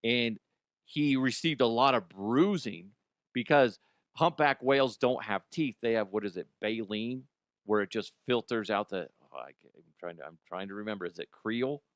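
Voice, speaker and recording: A man's voice: fairly low pitch, animated, moderate pace, no room sound, studio quality. A man hosting a comedy news show, rambling and swearing through odd headlines in disbelief. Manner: profane, rambling, incredulous. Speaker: comedy news podcast host. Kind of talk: casual comedic news commentary.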